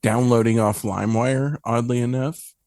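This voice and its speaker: A man's voice: mid-range voice, steady tone, normal speed, darkish tone, no echo, studio quality. A man co-hosting a podcast, throwing in teasing quips in casual chat. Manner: quipping, teasing asides. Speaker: podcast co-host.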